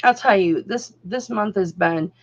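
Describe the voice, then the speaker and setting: A woman runs a live online jewelry auction in casual, talkative style. Her mid-pitched voice has a gravelly edge with plenty of fry, and she keeps calling viewers darling and honey. The sound is muffled and lo-fi. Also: unhurried. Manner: chatty, calls viewers darling, honey and doll. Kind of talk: casual live-stream selling chat. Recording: dull lo-fi sound.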